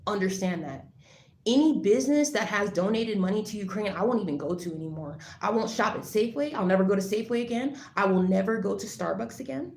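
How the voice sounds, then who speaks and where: A woman talking casually to the camera, rambling with lots of fillers and restarts, turning loud and heated as she rants. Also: mid-range voice, animated, fast talker. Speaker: vlogger. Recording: echoey room, faint background noise.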